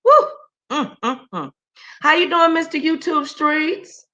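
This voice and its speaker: A woman's voice: high voice, expressive, measured pace, pushed and bright, lo-fi sound. A woman hosting a casual live stream, chatty and slangy, greeting viewers by name. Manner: scolds her dogs mid-stream.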